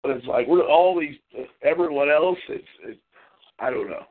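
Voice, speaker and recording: A man's voice: on the high side, expressive, normal speed, dry recording. A man hosting a casual talk show, ranting profanely and venting. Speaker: podcast host. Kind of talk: casual chat. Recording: tinny phone line.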